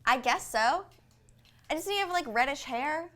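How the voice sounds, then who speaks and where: High, lively woman co-host, excitable. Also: moderate pace. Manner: excitable, swearing, giggly. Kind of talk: casual live chat.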